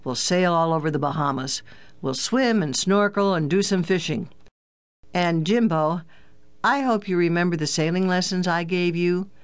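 An audiobook narrator voicing a kind, teasing father who sounds calm and fatherly. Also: mid-range voice, normal speed, smooth, lightly acted. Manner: calm, fatherly, gently joking. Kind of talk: audiobook character voice.

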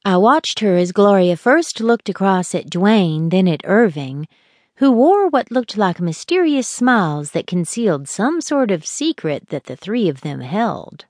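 A woman reading a novel aloud as an audiobook narrator, gentle and unhurried. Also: medium pitch, very animated, dry recording, studio quality. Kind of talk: scripted narration.

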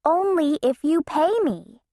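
A woman's voice: sits high, animated, slow, mellow, no room sound, studio quality, pitched above the performer's own voice. A woman voicing a spunky, mischievous little girl in a bouncy, cheeky way.

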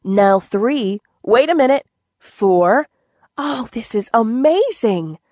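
A woman's voice: on the high side, big pitch swings, slow, mellow, no room sound, studio quality, heavily acted. A woman voicing an eager four-year-old girl in an audiobook for children. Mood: excited.

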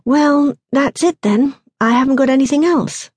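A woman's voice: high-pitched, sing-song, normal speed, mellow, slightly rough, dry recording, studio quality, pitched above the performer's own voice, heavily acted. A woman reading an audiobook, voicing a harried young woman who coaxes a child with strained politeness. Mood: exasperated. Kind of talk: audiobook narration.

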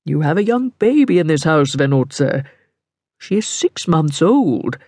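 A woman doing a suave, unhurried cardinal. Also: low-pitched, very animated, warm tone, no echo, exaggerated voice. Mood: smooth, commanding. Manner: smooth, slow and condescending. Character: suave, self-assured middle-aged male cardinal.

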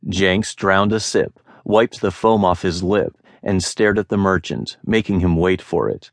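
A man narrating a fantasy audiobook in a measured, even storytelling manner. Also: low-pitched, no echo. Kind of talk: scripted narration. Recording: dry studio sound.

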